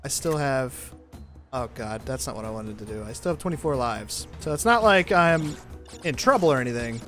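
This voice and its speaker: A man giving let's play commentary at home, exasperated, yelling at the game and laughing at himself. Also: medium pitch, expressive, normal speed, faint music behind. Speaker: gaming video host. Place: home apartment, seated in a chair.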